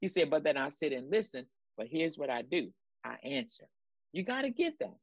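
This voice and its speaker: A woman's voice: low voice, big pitch swings, normal speed, creaky, dry recording. A woman co-hosting a ministry broadcast, preaching in an emphatic, repetitive way and urging her listeners on. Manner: exclamatory praise. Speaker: ministry co-host. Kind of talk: preaching commentary.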